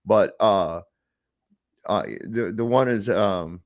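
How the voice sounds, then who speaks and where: A middle-aged man hosting a podcast, telling stories in a profane, animated, casual chat. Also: deep voice, slow pace. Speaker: podcast host.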